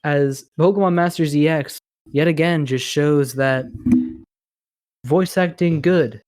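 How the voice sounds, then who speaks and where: A man's voice: a little high, slow, darkish tone, no room sound. A man co-hosting a podcast in casual chat, rambling and laughing often. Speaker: podcast co-host.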